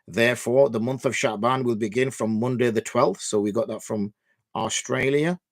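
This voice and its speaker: A man's voice: mid-range voice, fairly even intonation, brisk, no room sound. Man, livestream host, casual rambling, lots of fillers, dry sound. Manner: loose, thinking aloud with many fillers. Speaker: mufti hosting Q&A.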